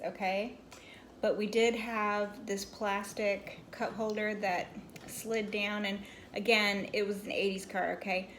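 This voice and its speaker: A woman's voice: mid-range voice, slight background noise. A woman in her forties telling a rambling story to her viewers while she crochets at home, stopping now and then to scold a pet. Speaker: crochet vlogger. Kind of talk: casual storytelling chat.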